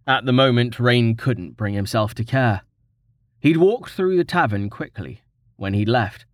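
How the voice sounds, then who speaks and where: A male audiobook narrator reading fantasy prose in an unhurried, measured way. His pitch moves freely through each sentence, and the recording is dry and close. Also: dry recording.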